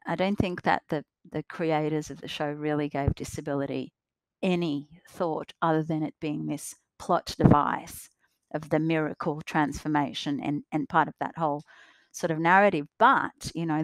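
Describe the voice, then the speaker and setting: A woman's voice: low voice, no echo. A woman guest on a podcast, speaking casually and hesitantly, with many fillers and restarts. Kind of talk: casual discussion.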